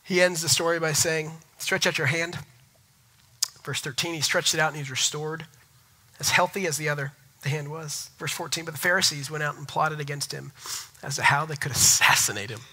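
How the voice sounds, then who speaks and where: A man in his thirties delivers a sermon in a very bright, ringing voice sitting a little high. He tells family stories with animated, self-mocking humor between points. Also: a little fast, low-quality recording. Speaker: pastor.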